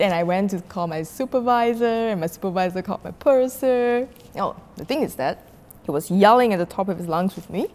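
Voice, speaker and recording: Guest, female, mid-range voice: animated storyteller, filler-heavy, faint background noise. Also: medium pitch. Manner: animated retelling, heavy filler "like", frequent laughter. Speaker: podcast guest. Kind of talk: casual conversational storytelling.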